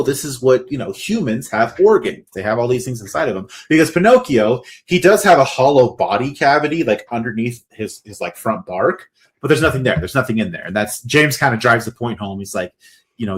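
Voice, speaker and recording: Male podcast co-host, casual film recap, rambling delivery, average pitch. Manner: rambling, many restarts and fillers.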